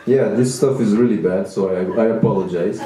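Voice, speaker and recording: A man's voice: fairly low pitch, fairly quick, distant mic, crowd noise. A man in his thirties doing a stand-up comedy set, self-deprecating and rambling with restarts, in a small venue. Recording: echoey room, mic from afar.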